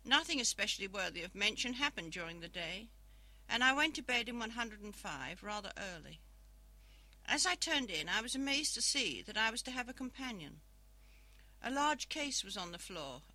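A reader narrating a first-person ghost story in a measured, even storytelling manner. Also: mid-range voice, low-quality recording.

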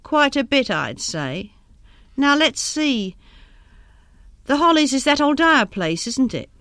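A woman voicing an elderly male seedsman who tells old plant lore in a folksy, unhurried way. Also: on the high side, fairly bright tone, dry recording, clean studio sound. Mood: knowing. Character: elderly male country seedsman, knowing, ominous.

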